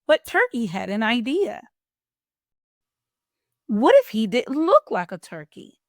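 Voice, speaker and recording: A woman hosting a children's storytime, reading a picture book aloud in a playful, expressive way. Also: mid-range voice, no echo, studio quality. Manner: expressive, playful, drawn-out delivery.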